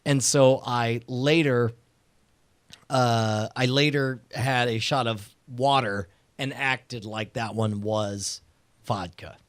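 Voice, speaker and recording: Excitable male talk-show host. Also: mid-range voice, slow. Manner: excitable, bursts into loud laughing exclamations. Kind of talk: casual live-show chat.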